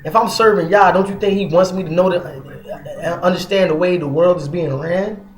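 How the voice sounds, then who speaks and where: A man giving a casual religious monologue online, soft in tone but emphatic and scolding, full of fillers like "man" and "you know". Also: sits high, moderate pace, echoey room. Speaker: online preacher.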